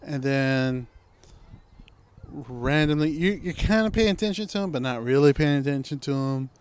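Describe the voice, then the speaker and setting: A man's voice: on the high side, lively intonation, moderate pace, darkish tone, clear, resonant tone. A man co-hosting a casual podcast chat, laid-back and rambling, with lots of "like" and "kinda". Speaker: podcast co-host.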